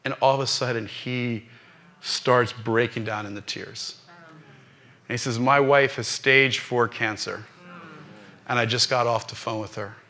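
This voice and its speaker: A man who serves as both rabbi and pastor preaches during a live church service, telling a personal story with animated, rising peaks. His mid-range voice is unhurried, and he pauses often.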